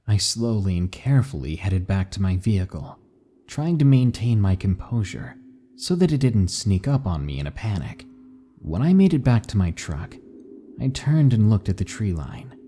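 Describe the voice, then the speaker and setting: A man narrating scary stories in a measured, dramatic reading style. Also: fairly low pitch, dark tone, a little hiss or hum. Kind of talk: scripted horror narration.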